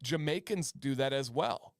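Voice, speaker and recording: A man's voice: medium pitch, unhurried, no room sound. A man co-hosting a livestream, chatting casually and reading out viewer comments. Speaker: livestream co-host. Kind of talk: casual chat.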